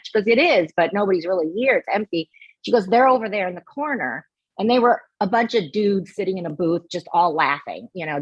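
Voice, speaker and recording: Husky-voiced woman telling a lively story. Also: mid-range voice, dry recording, muffled recording. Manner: animated, acts out quoted dialogue. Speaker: podcast guest. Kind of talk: casual storytelling chat.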